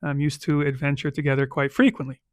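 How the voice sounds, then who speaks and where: A man voicing an elderly, turtle-like mentor who speaks calmly and matter-of-factly. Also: fairly high pitch, fast, dry recording, close to an everyday voice.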